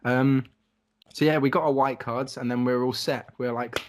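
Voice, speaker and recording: A man's voice: medium pitch, steady tone, moderate pace. Young man rambling through a travel story. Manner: rambling and swearing, heavy on "like". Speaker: podcast co-host telling a travel story. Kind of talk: casual chat.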